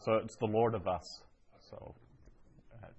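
A man's voice: fairly low pitch, fairly even intonation, unhurried, darkish tone, husky, dull audio. A man teaching a Greek class, explaining step by step with frequent ums. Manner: patient, explanatory, with many ums. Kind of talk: classroom lesson.

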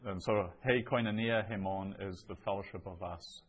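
A man with a lowish, slightly rough voice teaches a Greek class at normal speed, captured in lo-fi sound. He patiently explains things step by step, saying "um" a lot.

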